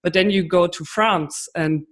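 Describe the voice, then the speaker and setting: A woman's voice: lowish voice, a little slow, a bit bright. Woman explaining with examples. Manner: explains with examples, frequent fillers. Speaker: guest expert. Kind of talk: podcast interview answers.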